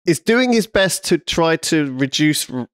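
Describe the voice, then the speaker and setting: A man's voice: fairly high pitch, lively intonation, a little slow, fairly bright tone, clean tone, no room sound, clean studio sound. A man hosting a podcast in casual chat, rambling hesitantly with many fillers. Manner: hesitant, rambling, full of "like" and "you know". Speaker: podcast host.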